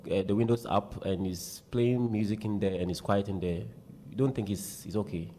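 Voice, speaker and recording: A Ghanaian man speaking heartfelt and animated as a radio guest. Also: fairly low pitch, a little hiss or hum. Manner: fast, heartfelt, animated storytelling. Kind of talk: candid radio talk. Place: radio studio.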